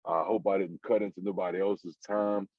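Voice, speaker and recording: A man's voice: sits low, little pitch movement, a little fast, dry recording. A man with a New Orleans accent, a rapper guest talking casually and signing off with street slang. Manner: laid-back street slang, repeats "you heard me". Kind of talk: casual interview sign-off. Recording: muffled lo-fi audio.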